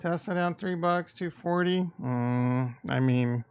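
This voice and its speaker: A man from the Midwest talks slowly and loosely on a market livestream, with a gravelly, fry-edged voice. He rambles and thinks aloud, tossing in irreverent asides. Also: on the high side. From American Midwest. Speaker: crypto and stock market streamer. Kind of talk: casual livestream chat.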